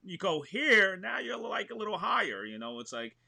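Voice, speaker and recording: Animated guy with a bright New York accent. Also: high voice, normal speed, creaky, breathy edge. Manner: animated storyteller, acts out what he describes. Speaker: guest actor. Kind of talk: casual podcast interview.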